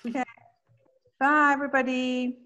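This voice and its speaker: A woman's voice: sits high, little pitch movement, moderate pace, pushed and bright, dull audio. Woman moderating a webinar call. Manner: friendly, reads out questions. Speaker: therapist co-hosting a webinar. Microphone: video call.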